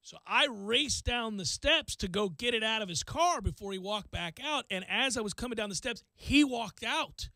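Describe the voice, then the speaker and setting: A male radio host telling a self-deprecating story in casual talk, acting out quotes with lively energy. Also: high voice, normal speed, hardly any pauses, dry recording.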